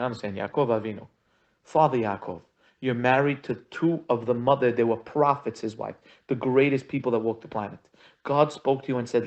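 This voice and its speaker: Rabbi guy teaching a marriage class, acts out the dialogue, kinda dull lo-fi sound. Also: medium pitch. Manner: expressive, acts out quoted conversations, repetitive emphatic phrasing. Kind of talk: animated Torah lesson with acted-out dialogue. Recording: dull lo-fi audio.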